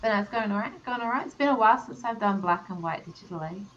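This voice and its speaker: A woman chatting casually while she draws, self-deprecating and quick to laugh. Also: mid-range voice, a bit bright. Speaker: co-host of an art stream. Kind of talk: casual chat while drawing. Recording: dull lo-fi call audio, faint noise.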